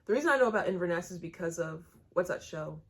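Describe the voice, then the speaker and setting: A woman's voice: lowish voice, expressive, fast talker. Chatty American woman reacting casually. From United States. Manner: chatty, exclaiming, asks questions aloud. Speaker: reaction video host.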